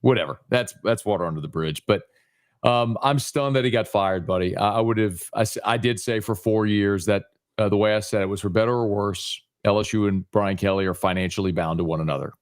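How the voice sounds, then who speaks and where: A fairly low-voiced man from Louisiana, on as a guest sports reporter. He argues his points emphatically in a casual tone, often calling the host buddy. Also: fairly quick.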